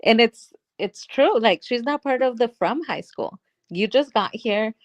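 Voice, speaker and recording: A woman's voice: on the high side, lively intonation, unhurried, no room sound. A woman co-hosting a live stream, chatting casually about a TV episode and earnestly explaining her points. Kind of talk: casual chat reviewing a TV episode.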